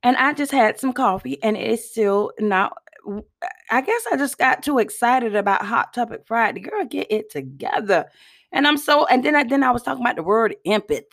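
A woman gives a casual motivational talk. Her voice sits a little high, folksy and chatty. She keeps pausing to cough and clear her throat. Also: a bit bright. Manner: chatty, folksy, addresses listeners as y'all. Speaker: host.

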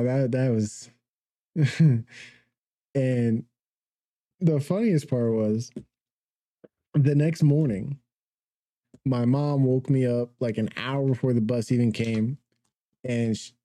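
A man's voice: mid-range voice, mellow, no room sound. A young man and podcast co-host telling a rambling story in casual chat, laughing through it.

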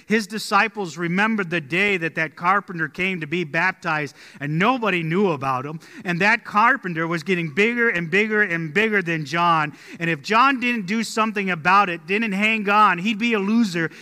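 Bright-toned pastor preaching in a reverberant church. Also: male voice, high-pitched. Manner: storytelling, drops quiet and slow on key points. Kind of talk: sermon. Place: church sanctuary.

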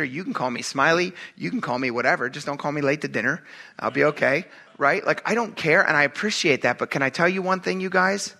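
A middle-aged male pastor preaching a casual, animated sermon, often asking his congregation "right?" and acting out quotes in a raised voice. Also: on the high side, creaky.

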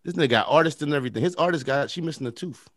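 A man's voice: on the high side, very fast, dry recording, studio quality. A man in his thirties chatting casually on a podcast, joking and teasing in profane slang. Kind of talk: casual chat.

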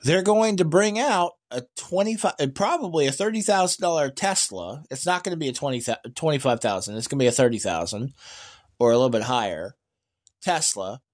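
Brisk and a little high, this man is an EV news vlogger talking loosely about electric cars. His rambling opinions come with frequent fillers, restarts and emphatic, animated outbursts.

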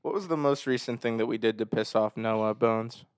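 A man's voice: lowish voice, moderate pace, smooth, no echo. A young man co-hosting a casual podcast with friends, laughing and teasing as he talks. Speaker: podcast co-host. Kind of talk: casual chat among friends.

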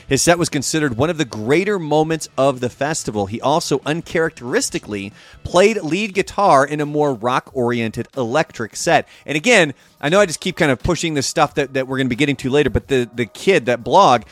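A man co-hosting a podcast in a relaxed casual chat, recounting anecdotes and reading out facts. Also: on the high side, brisk, no room sound. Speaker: podcast co-host.

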